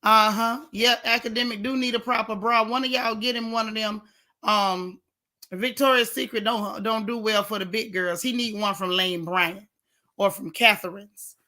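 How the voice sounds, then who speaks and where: A woman's voice: fairly high pitch, steady tone, moderate pace, bright, forceful tone. A woman vlogger giving casual commentary on celebrity gossip, indignant and sarcastic, talking straight to her viewers.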